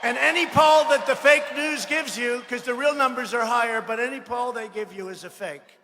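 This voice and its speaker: Guy giving a rally speech, high bright voice, mocking and boastful, big echoey hall. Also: moderate pace, a little hiss or hum. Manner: boastful, mocking, repetitive, bursts into shouting. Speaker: political speaker at a rally. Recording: echoey hall with faint ambience.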